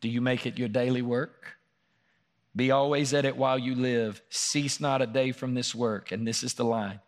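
Male pastor, mid-pitched, earnest sermon delivery that climbs on scripture and softens on stories. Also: steady tone, normal speed. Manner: earnest preaching, rising and louder when reading scripture, hushed in personal stories. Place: church room.

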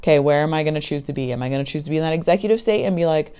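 A woman with a low, mellow voice talks through an idea in a casual, searching way. She fills pauses with ums and likes and sometimes acts out what a parent might say. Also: clean tone. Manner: chatty and searching for words, with frequent ums and likes. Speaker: podcast guest explaining a mental health approach. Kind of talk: casual explanatory talk.

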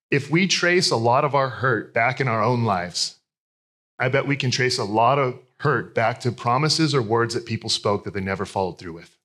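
A man's voice: mid-range voice, a bit bright. A man in his thirties preaching a sermon, telling candid, self-deprecating personal stories. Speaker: pastor.

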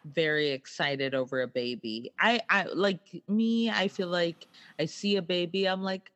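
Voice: mid-range voice, moderate pace, few pauses, fairly bright tone. A speaker in casual conversation who laughs often and acts out quoted reactions. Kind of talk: casual chat.

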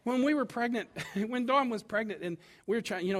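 A man's voice: high-pitched, quick pace, hardly any pauses, fairly bright tone. A middle-aged male pastor preaching a sermon with emphatic delivery, acting out quotes along the way.

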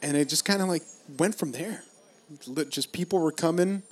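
A man's voice: fairly high pitch, normal speed. A man from Los Angeles in casual chat on a podcast, rambling, laughing often and swearing casually.

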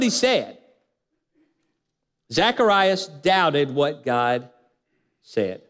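Male pastor, unhurried sermon delivery, lists and rhetorical questions, churchy reverb. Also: expressive. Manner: preaching with repeated lists and rhetorical questions, voice dropping low at phrase ends.

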